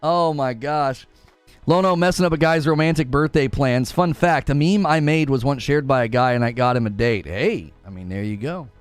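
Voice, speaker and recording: A man in his thirties hosting a casual livestream, reading viewer messages and chatting with a playful, animated delivery. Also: normal speed, clear, resonant tone, no echo, soft background music. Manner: animated, laughs often, playfully mock-quotes people in a high voice. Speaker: livestream host.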